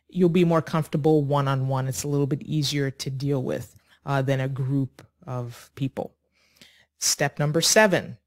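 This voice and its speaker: A woman teaching an online English lesson, speaking slowly and clearly in an encouraging way. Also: deep voice. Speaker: ESL teacher.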